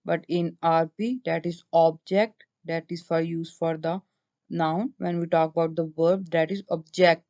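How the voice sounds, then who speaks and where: A woman with a Pakistani English accent giving a slide-based lecture, explaining each point with halting restarts. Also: deep voice, little pitch movement, mellow, highs cut off.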